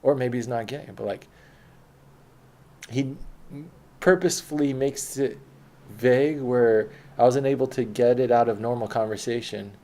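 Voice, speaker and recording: A man's voice: mid-range voice, steady tone, measured pace, long pauses, mellow. A man telling a long personal story in a casual, rambling, profane way.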